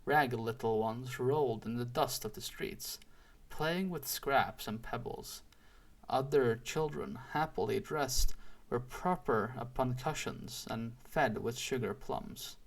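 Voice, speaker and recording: Guy reading a storybook out loud, super slow, gravelly, expressive. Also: medium pitch. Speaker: audiobook reader. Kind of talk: storybook read-aloud narration.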